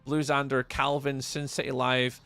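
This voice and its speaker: A man's voice: medium pitch, little pitch movement, moderate pace, bright, forceful tone, clear, resonant tone, no room sound. A man with a Scottish accent giving chatty live gameplay commentary as a streamer, answering viewers' chat messages aloud. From Scotland. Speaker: livestreamer.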